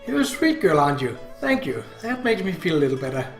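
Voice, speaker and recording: Man doing a soft-spoken elderly mother, kind and apologetic, raised pitch, roomy echo, faint guitar music. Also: sing-song, quick pace. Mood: gentle.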